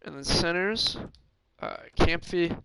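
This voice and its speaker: A man's voice: a little high, slow pace, vocal fry, heavy background noise. A man streaming a hockey management game, thinking aloud in casual commentary with many fillers and restarts. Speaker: gaming streamer.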